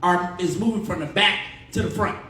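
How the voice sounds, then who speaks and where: A man who is a radio personality, telling lively, slang-heavy stories as a podcast guest. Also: high-pitched, brisk, a little hiss or hum. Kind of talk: animated storytelling. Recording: echoey room, distant mic.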